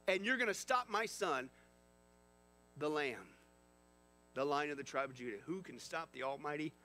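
A man preaching a sermon, animated and chatty, asking the congregation questions. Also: fairly high pitch, normal speed, pauses often, faint music behind. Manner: animated, conversational with the audience. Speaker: pastor.

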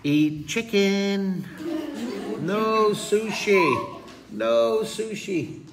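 A man voicing a sweet young mermaid who sings and chants slowly in a sing-song manner. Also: high voice, creaky, noisy background, pitched above the performer's own voice, heavily acted.

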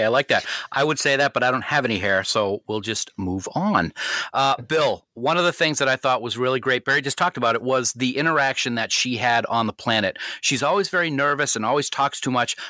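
A man's voice: medium pitch, sharp tone, dry recording. A man hosting a casual podcast discussion, talking with enthusiasm. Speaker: podcast host.

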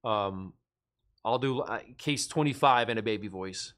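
A man's voice: on the low side, unhurried, fairly bright tone, clear, resonant tone. A young man hosting a live card break, chatty and laughing often as he calls out cards. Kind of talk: casual live-stream chat.

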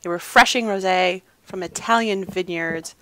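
Female co-host, bright-toned and chatty, self-deprecating humor, dry recording. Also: fairly low pitch, moderate pace, no room sound. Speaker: podcast co-host. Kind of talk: casual podcast chat.

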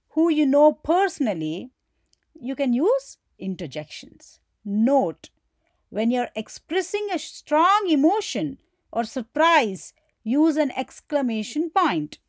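A woman gives a grammar lesson in a high, animated voice, speaking slowly and posing questions that she then answers herself. She acts out the example exclamations as she goes. Her voice is recorded close and dry. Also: dry recording. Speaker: teacher.

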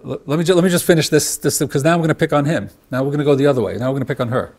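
A man's voice: fairly high pitch, darkish tone. Middle-aged man giving a marriage workshop. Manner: asks the audience rhetorical questions and pauses on them; acts out both spouses in his examples. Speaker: marriage therapist leading a workshop. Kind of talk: workshop lecture.

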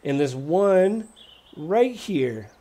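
A man's voice: a little high, big pitch swings, very slow, mellow, a little hiss or hum. A man running a tabletop game as game master, describing scenes casually with many fillers. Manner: casual, rambling, frequent fillers and laughs.

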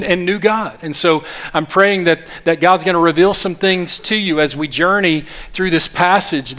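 Earnest pastor with a higher voice. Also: male voice, fairly bright tone. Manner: call-and-response, urges the congregation to repeat after him; earnest, with frequent fillers and restarts. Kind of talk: sermon.

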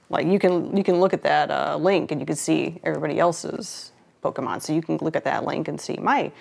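Laid-back woman painting live and chatting with her stream, lowish voice with a bit of fry, lots of little laughs. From Florida. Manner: chatty, laughs often, reads chat aloud. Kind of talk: casual live-stream chat while painting.

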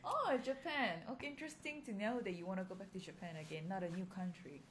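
A young woman co-hosting a casual chat, giggly, often breaking into high laughter and trying out playful French phrases. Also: lively intonation, fast, slight background noise. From Korea. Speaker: podcast co-host.

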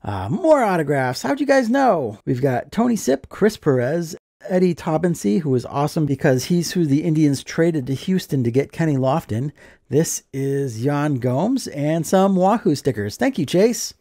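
A man's voice: on the high side, animated, normal speed, warm tone, no room sound, clean studio sound. Upbeat man opening fan mail. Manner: enthusiastic, joking asides. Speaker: card collecting vlogger. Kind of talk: casual mail opening chat.

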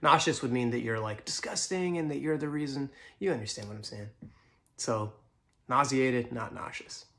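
Pedantic know-it-all on a date, as a man plays him, soft, smug, gravelly. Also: medium pitch, moderate pace. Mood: condescending. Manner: smug, correcting, quiet. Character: condescending, pedantic man on dates.

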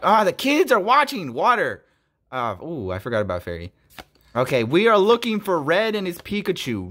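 A young man opening trading cards on his channel, talking excitedly and grumbling between pulls. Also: high voice. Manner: animated, swings between squeals and grumbling. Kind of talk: excited card-opening vlog.

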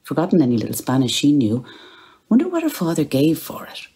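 A woman's voice: deep voice, huge pitch swings, a little fast, dark tone, husky. A woman giving a literary reading, lingering over phrases and dropping to near-whispers. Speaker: reader.

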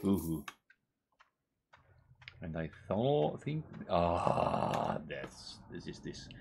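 A man's voice: deep voice, sing-song, drawn-out words, creaky, slight background noise. A man commenting on his own gameplay, trash-talking the game's enemies and breaking into sing-song scatting. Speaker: gaming channel host. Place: at a computer, playing a game. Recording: loud keyboard clicking behind voice.

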